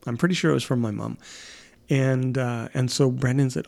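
Gravelly-voiced middle-aged guy, casual chat, tells long family stories and laughs a lot. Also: medium pitch, steady tone, normal speed, a little mellow. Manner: rambling storyteller who laughs often. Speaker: podcast co-host and father.

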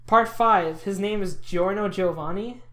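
A man's voice: high voice, a little slow, a bit bright. A young man around eighteen co-hosting a casual podcast chat, ranting at length and laughing often. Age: late teens. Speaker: podcast co-host.

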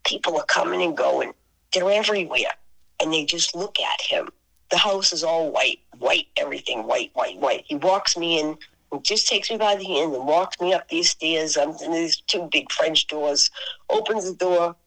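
An older woman, a singer and podcast guest, telling a story in casual chat, animated and laughing often as she acts out both sides of a conversation. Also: sits low, normal speed, gravelly, low-quality recording. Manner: animated, laughing often, voices her friend's lines.

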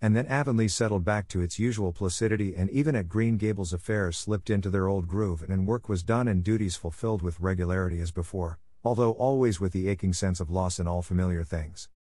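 Male audiobook narrator, low voice, calm and measured, dry close sound. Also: no echo.

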